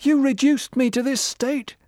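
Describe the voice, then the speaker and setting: A man's voice: fairly high pitch, a little slow, no room sound, studio quality, voice pushed up. A man voicing a broken, desperate male prisoner in an audiobook, with a strained, sobbing, pleading manner. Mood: sobbing, accusing. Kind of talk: audiobook character reading.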